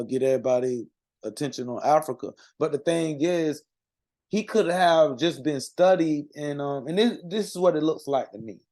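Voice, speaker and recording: Guy rambling to his community, mellow low-key voice, keeps restarting, lots of ums. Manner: halting, many restarts and fillers. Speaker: religious community speaker. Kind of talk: unscripted monologue.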